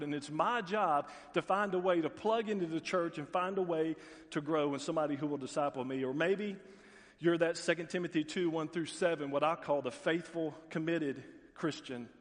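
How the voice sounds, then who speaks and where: Man, middle-aged pastor, sermon, folksy storytelling, animated quoted voices, slightly high voice, long hall reverb. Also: normal speed. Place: church sanctuary.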